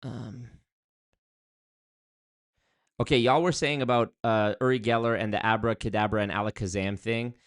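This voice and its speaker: A man's voice: medium pitch, fairly even intonation, a little fast, no room sound, clean studio sound. A young man chatting casually on a livestream, reading viewer comments aloud and rambling with many fillers and restarts. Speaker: streamer reading chat.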